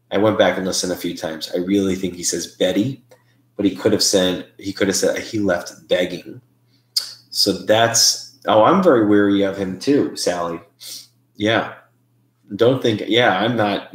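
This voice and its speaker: A man with a low, deep voice talks through his ideas for an online audience, stopping and restarting his sentences as he thinks aloud. The sound is roomy and echoey. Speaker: host of a live paranormal stream. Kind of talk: casual live-stream chat with viewers.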